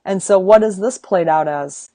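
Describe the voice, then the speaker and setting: A woman's voice: mid-range voice, warm tone, no room sound. A woman hosting a podcast, talking earnestly and emphatically in a motivational tone, often asking "right?" as she drives her points home. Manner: earnest and emphatic, building to rallying calls; unhurried, with frequent rhetorical "right?". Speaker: podcast host and women's circle leader.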